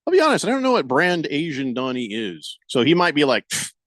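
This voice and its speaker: A man hosting a sports radio show, chatting in a wry, rambling way. His pitch swings widely as he talks. The studio sound is dry and close, with no room echo. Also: sing-song, brisk, fairly bright tone. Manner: rambling, wry, reads listener chat comments aloud. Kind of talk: casual sports radio chat.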